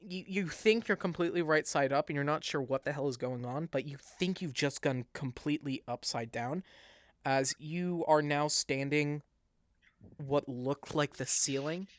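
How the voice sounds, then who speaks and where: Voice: medium pitch, no echo. A game master narrating a tabletop session over voice chat, rambling with many fillers. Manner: rambling, filler-heavy, quick to laugh.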